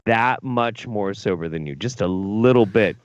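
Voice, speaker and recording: A man's voice: fairly low pitch, a little slow, no echo, muffled recording. A drunk man co-hosting a talk show, telling a rowdy, profane story and acting out quotes. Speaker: co-host.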